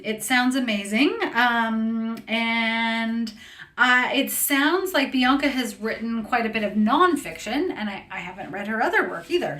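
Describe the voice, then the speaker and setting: A woman's voice: a little high, bright, forceful tone. Chatty woman live-streaming from an echoey room. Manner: chatty, laughs often, greets viewers by name; reads book back-cover copy aloud. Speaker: author hosting a live book chat. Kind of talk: casual live-stream chat.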